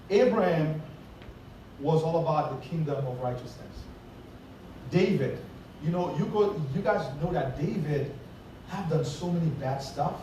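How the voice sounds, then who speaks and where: Middle-aged male preacher, high voice, storytelling sermon, distant mic in a big echoey church. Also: warm tone, lo-fi sound, a little hiss or hum. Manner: storytelling, asks the congregation "right?" often. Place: church sanctuary.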